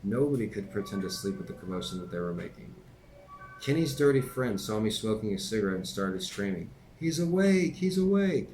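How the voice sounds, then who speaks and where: A man's voice: lowish voice, brisk, a little mellow, soft background music, rough recording. A man reading his own memoir aloud in a plain conversational way, with occasional slips and offhand asides.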